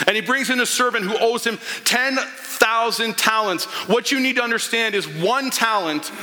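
A man's voice: extremely high pitch, normal speed, hardly any pauses, sharp tone. A man preaching a sermon as a pastor, retelling a parable and acting out the characters' lines. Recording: long hall reverb.

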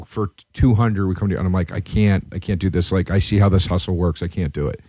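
A man's voice: a little fast, dry recording. Profane storytelling man, dry studio mic. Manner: profane, animated storyteller, swings into high excited pitch. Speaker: podcast host. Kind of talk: casual chat, storytelling.

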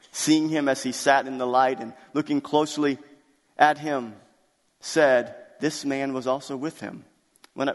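A male pastor preaching a sermon, retelling scripture dramatically and rising to loud, slow emphasis on key lines. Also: on the high side. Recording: long hall reverb.

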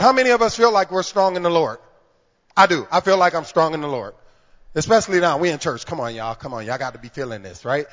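A man preaching a sermon in church, calling out to the congregation and swinging from hushed talk to shouting. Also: on the high side, expressive, fast talker. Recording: reverberant hall, dull lo-fi sound.

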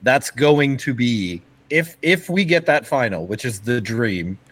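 Excited rugby-fan man, full of fillers. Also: mid-range voice, no room sound, low-quality recording. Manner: enthusiastic, halting with many fillers and restarts. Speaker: podcast co-host. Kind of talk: casual sports chat.

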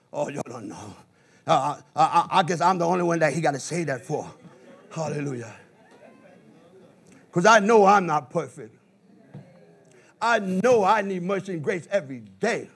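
A man preaching a sermon in an animated call-and-response style, with bursts of shouting. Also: high voice, breathy edge.

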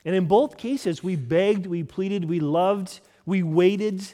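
A man's voice: sits high, slow pace, dark tone, big-room sound. A man preaching a sermon as pastor, emphatic and earnest, often restarting and repeating words as he builds a point.

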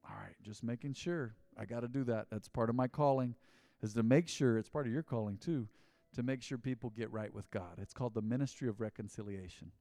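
A male pastor delivers a casual, conversational sermon, punching key lines loudly and then dropping to near-murmurs. His mid-pitched voice carries a long reverb through a large church sanctuary, yet the close mic keeps it dry and present. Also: a little fast. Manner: conversational preaching, swings from loud emphasis to quiet asides.

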